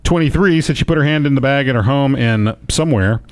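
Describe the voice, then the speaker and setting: A man's voice: mid-range voice, quick pace, clear, resonant tone. A man in his fifties co-hosting a comedic talk show, reading news items aloud with jokey asides. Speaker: co-host.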